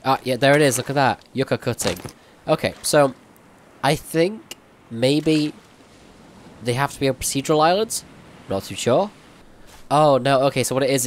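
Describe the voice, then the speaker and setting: A man's voice: mid-range voice, slight background noise. A man giving casual gameplay commentary on a survival game update, thinking aloud as he plays. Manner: chatty, thinking aloud while playing. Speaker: gaming YouTuber.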